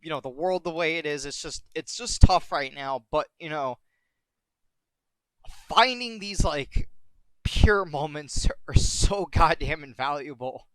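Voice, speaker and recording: Tearful, halting young man streaming. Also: on the high side, no echo. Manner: rambling, halting, emotional, repeats himself. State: tearful, on the verge of crying. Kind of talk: emotional live-stream monologue.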